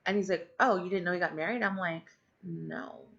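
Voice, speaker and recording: A woman's voice: on the low side, fast talker, fairly bright tone. A middle-aged woman telling a long personal story in a rambling way, full of fillers and asides. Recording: dull lo-fi sound.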